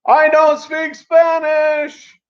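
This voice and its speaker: A man imitating an impatient male fast-food cashier who yells curtly, in a much higher voice. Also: monotone, muffled recording, exaggerated voice. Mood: impatient yelling. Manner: yelling, curt.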